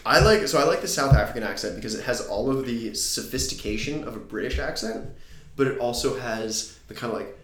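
A man co-hosting a podcast in casual chat, rambling and halting with lots of fillers and restarts. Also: mid-range voice, a bit bright, reverberant. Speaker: podcast co-host.

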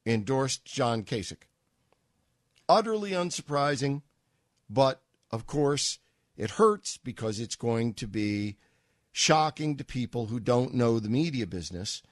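Guy hosting talk radio, slow and sarcastic, lots of rhetorical questions, dry close mic. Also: mid-range voice, no room sound. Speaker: radio talk show host. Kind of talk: political talk radio monologue. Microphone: studio microphone.

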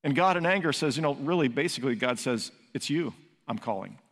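Man, pastor, sermon, emphatic rising delivery, mid pitch, long hall reverb. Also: expressive, a little fast, fairly bright tone. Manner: emphatic, building to raised peaks with rhetorical questions.

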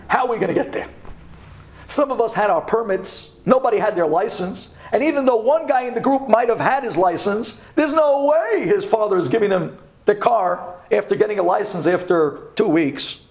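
Rabbi telling a story to a class, high voice that swings widely, dramatic, drops to hushed tones at tense moments. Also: male voice, normal speed. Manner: animated, dramatic storytelling with sudden drops to a hush.

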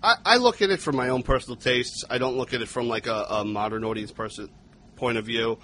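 A man's voice: medium pitch, fairly quick, a bit bright, a little hiss or hum. A man co-hosting a podcast, recapping a film's plot and giving blunt opinions, swearing casually. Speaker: podcast co-host. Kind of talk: casual movie discussion.

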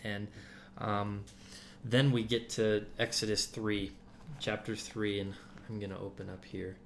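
Low-voiced man teaching casually. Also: level tone, measured pace, vocal fry, fairly bright tone, slight background noise. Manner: conversational, loose, many fillers and restarts. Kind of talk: casual Bible teaching to a group.

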